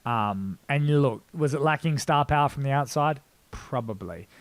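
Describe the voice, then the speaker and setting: A man's voice: medium pitch, moderate pace, dry recording. Rambling Australian man in a dry room. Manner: rambling, filler-heavy, self-deprecating. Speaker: MMA reaction host. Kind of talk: casual reaction commentary.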